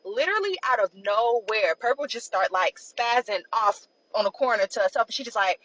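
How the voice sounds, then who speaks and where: A young woman casually telling a personal story, loose and chatty, full of "like" and quick asides. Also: a little high, lively intonation, fairly bright tone, dry recording, lo-fi sound. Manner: chatty, loose, peppered with "like" and "blah, blah".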